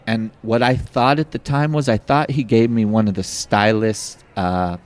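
A man telling a personal story in an interview, animated and acting out the voices of the people in it. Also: lowish voice, normal speed. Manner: animated, acts out quoted voices. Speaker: guest.

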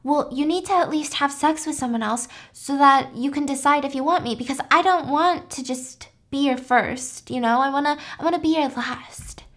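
Woman reading as scheming young patient, wheedling and persuasive, her own slightly high voice. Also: moderate pace, hardly any pauses, a bit bright. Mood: persuading. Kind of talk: casual recap with quoted lines.

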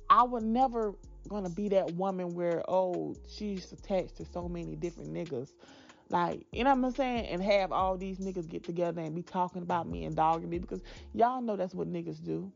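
A woman in her twenties talking candidly to her viewers, blunt and sassy, with emphatic, drawn-out asides and plenty of profanity. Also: fairly low pitch, creaky, dull audio, faint music behind. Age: 20s. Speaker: vlogger. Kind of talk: candid casual chat to viewers.

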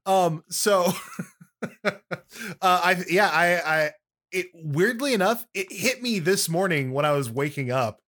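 Young man, podcast co-host, slightly high voice, teasing and jokey, casual chat. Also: expressive, moderate pace, bright, forceful tone. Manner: joking, teasing banter.

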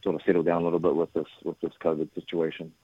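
Low-voiced New man on a phone line. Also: very fast, breathy edge, no echo. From New Zealand. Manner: relaxed, many fillers and restarts. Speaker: radio guest, sports coach. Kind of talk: phone interview.

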